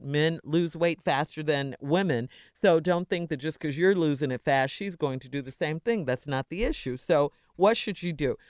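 A woman's voice: sits low, no room sound, studio quality. A woman co-hosting a radio show, summarizing a listener's letter and giving frank, matter-of-fact advice.

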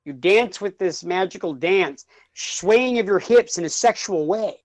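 A man's voice: high-pitched, unhurried, a little mellow, no room sound, low-quality recording. A man joins a casual podcast chat and rambles through playful ideas, padding them with fillers. His voice is recorded dry and close, with no room sound.

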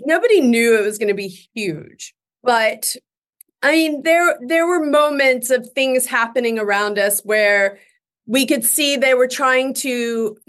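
A woman guest chats casually on an interview show, her voice sitting somewhat high. She laughs often as she tells her stories and speaks in loose, rambling sentences full of fillers and restarts. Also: a bit bright. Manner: chatty with frequent fillers and restarts. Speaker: guest actress.

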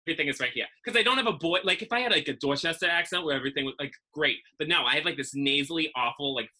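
Bright husky-voiced chatty male podcast host. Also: on the high side, fast talker. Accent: faint Massachusetts. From Massachusetts. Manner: chatty, rambling, self-deprecating. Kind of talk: casual chat.

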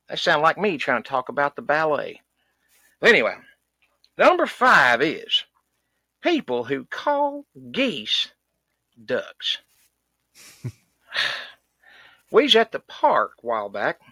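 A man's voice: medium pitch, sharp tone, slightly rough, dry recording, heavily acted. A man playing a cranky, folksy middle-aged duck hunter, ranting in a comedy podcast. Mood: exasperated. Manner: folksy, exasperated ranting with sighs and country grammar. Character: loud rural Southern male duck hunter, cranky, folksy. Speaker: recurring comedy character.

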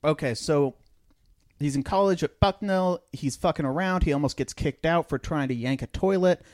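A man's voice: on the high side, moderate pace, a little mellow, dry recording, clean studio sound. Rambling man summarizing a book. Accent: put-on Italian American. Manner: rambling, filler-heavy retelling with asides. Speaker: podcast host. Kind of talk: casual comedic book discussion.

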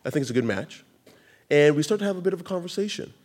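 A man telling a personal story on stage, animated, laughing through his lines and acting out what others said. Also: a little high, fast talker. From Canada. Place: live stage event.

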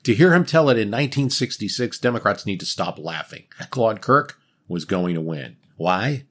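A man's voice: on the low side, expressive, normal speed. A man narrating a scripted history podcast as its host, dramatic and wry. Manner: dramatic storytelling with wry asides.

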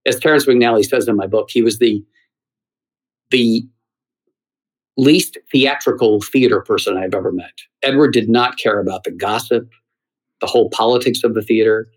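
A middle-aged man from the United States, a theater critic, telling anecdotes in conversation in an animated way, often repeating words. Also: mid-range voice, moderate pace, long pauses, rough recording.

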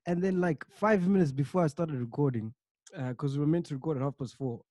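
A man's voice: on the high side, fast, warm tone, no room sound, studio quality. Frustrated casual man podcast co-host. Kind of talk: casual chat.

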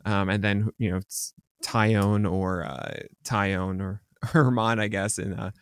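A man's voice: on the low side, fairly even intonation, slow, smooth, no echo. Man rambling about baseball, dry sound. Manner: rambling, many ums and restarts. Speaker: podcast co-host. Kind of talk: casual sports chat.

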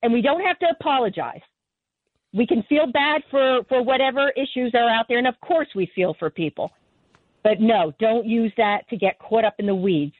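A woman's voice: fairly high pitch, moderate pace, no room sound. Lady caller on a tinny phone line, firm and insistent, dry sound. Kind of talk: call-in to talk radio.

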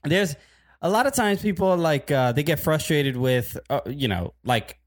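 A fairly high-voiced man whose pitch swings all over the place as he chats on a sports podcast. He laughs a lot and stumbles through restarts, repeating words before he finds his point. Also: animated, unhurried. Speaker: podcast co-host; stand-up comic. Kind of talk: casual chat.

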